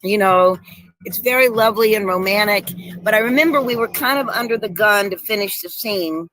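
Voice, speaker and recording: A woman guest telling lively stories in casual chat, laughing often over a video call. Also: mid-range voice, a little fast, poor audio. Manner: animated storyteller, laughs often. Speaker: guest actress.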